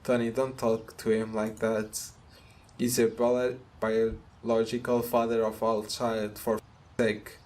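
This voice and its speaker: A man's voice: fairly low pitch, little pitch movement, slow pace. Man reading lines for a fiery, irritated woman. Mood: indignant. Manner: sharp, swearing. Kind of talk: reading game dialogue aloud.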